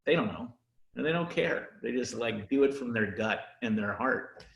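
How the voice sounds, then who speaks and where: A relaxed, easygoing man talks about his winemaking in loose, unhurried stories. His voice sits in a mid range and carries the hollow ring of a reverberant room over a video call. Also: mid-range voice, creaky. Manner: laid back, easygoing. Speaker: winery founder and guest. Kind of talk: casual video chat storytelling.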